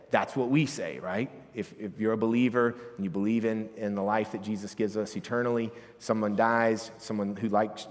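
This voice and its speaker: Low-voiced male pastor preaching in a hall. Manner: conversational Bible teaching, building to loud emphatic preaching. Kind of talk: sermon. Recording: long hall reverb.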